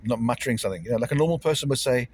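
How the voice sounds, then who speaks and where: A man's voice: mid-range voice, very fast, a little mellow, a little hiss or hum. A man vlogging casually to camera, rambling and repeating himself in an uneasy way.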